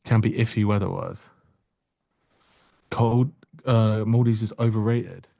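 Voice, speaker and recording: A man's voice: on the low side, fairly even intonation, measured pace, gravelly, mellow, no echo. A man giving casual live-stream trading commentary, joking wryly and answering chat aloud into a close mic.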